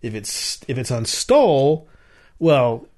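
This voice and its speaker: A man's voice: mid-range voice, sing-song, slow pace, a little mellow. Rambling, restart-prone male podcast host. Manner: explaining with many restarts and fillers. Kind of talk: casual chat.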